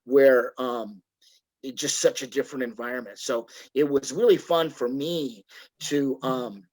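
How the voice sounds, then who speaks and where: A man's voice: medium pitch, steady tone, a little slow, darkish tone, rough recording. A middle-aged man from the United States, a woodworker chatting casually on a video call, rambling like a folksy storyteller and often restarting his sentences. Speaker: woodworker guest.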